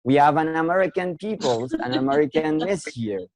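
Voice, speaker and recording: A man's voice: on the high side, lively intonation, brisk, darkish tone, a little hiss or hum, rough recording. Encouraging male teacher online. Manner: encouraging, repeats words while searching for them. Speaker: English teacher hosting an online class. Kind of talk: online lesson.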